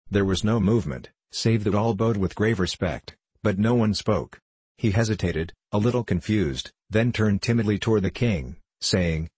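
A man reads an audiobook in a measured, steady storytelling style. His voice is deep and husky. The recording is dry and close. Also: dry recording, low-quality recording. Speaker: narrator. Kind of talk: audiobook narration.

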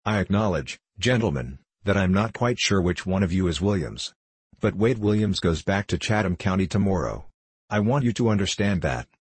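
A man reading a quiet, stern sheriff. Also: low-pitched, expressive, normal speed, husky, dry recording. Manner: quiet, level, authoritative.

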